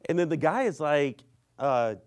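A man's voice: fairly high pitch, expressive, fairly quick. A man preaching a sermon and telling a story, rambling and filling his speech with "you know".

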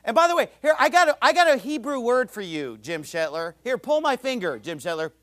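A man's voice: very high voice, animated, fairly quick, a bit bright. A man preaching a sermon in a heated, combative, ranting manner. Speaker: pastor.

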